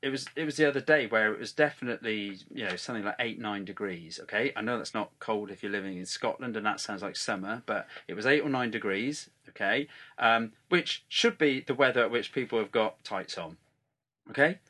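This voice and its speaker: A man's voice: fairly low pitch, a little fast, bright, forceful tone. A man in a casual chat, explaining things firmly and teasing now and then.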